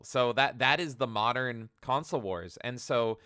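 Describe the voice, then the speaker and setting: A man's voice: medium pitch, moderate pace, hardly any pauses, sharp tone, clear, resonant tone, no room sound, studio quality. A Canadian man co-hosting a podcast, ranting sarcastically in casual chat and swearing freely. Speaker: podcast co-host.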